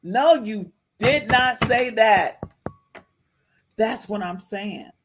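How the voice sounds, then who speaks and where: A woman hosting a live-stream podcast in casual chat, animated and sassy, repeating herself often. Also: fairly high pitch, very slow, noisy background. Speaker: podcast host.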